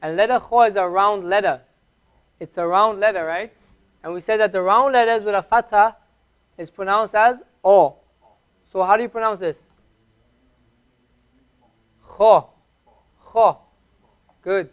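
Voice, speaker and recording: Teacher, male, high-pitched, patient, drills and repeats sounds slowly in a classroom lesson. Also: fairly even intonation. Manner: slow, patient, repeats each sound clearly. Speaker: Arabic teacher.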